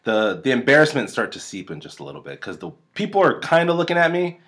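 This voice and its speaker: A man's voice: medium pitch, wildly swooping pitch, fast talker, a bit bright. A man, casually telling a rambling, profane story on his podcast at a home desk mic. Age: 30s. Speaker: podcast host. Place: home room. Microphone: desk mic at close range.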